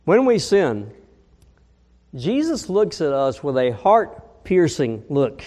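A man preaching a sermon as pastor, earnest, leaning slowly on key phrases. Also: on the high side, sing-song, dark tone, big-room sound.

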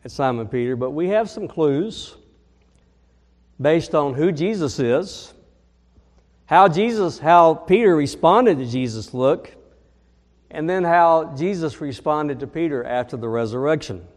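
A man preaching a sermon as pastor, earnest, leaning slowly on key phrases. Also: a little high, lively intonation, a little mellow, long reverb tail.

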